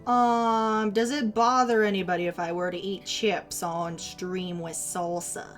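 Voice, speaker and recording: A woman's voice: medium pitch, level tone, measured pace, soft background music. A young adult woman streaming, chatting casually with viewers in a giggly, chatty, self-deprecating way. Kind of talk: casual live-stream chat.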